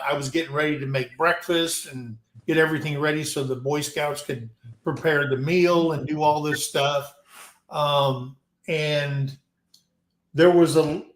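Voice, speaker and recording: An American man hosting a casual live-stream chat, telling long stories in a rambling, unhurried way. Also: a little high, echoey room. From United States. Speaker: host.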